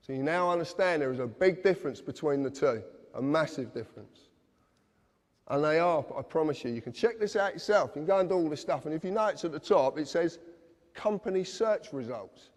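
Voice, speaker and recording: Man, earnest insistent lecture, slightly high voice, reverberant hall. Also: a little mellow. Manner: earnest, insistent, addresses listeners directly. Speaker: public speaker. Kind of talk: lecture to a live audience.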